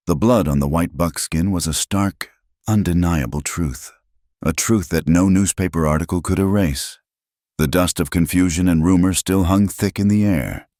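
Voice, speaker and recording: Very deep-voiced male storyteller. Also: darkish tone, no room sound, studio quality. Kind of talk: scripted dramatic narration.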